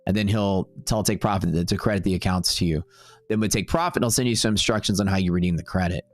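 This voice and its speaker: Low-voiced man hosting a trading stream. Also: quick pace, no room sound, faint music behind. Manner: loose, rambling, casual swearing. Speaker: day-trading livestream host. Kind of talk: live-stream chat.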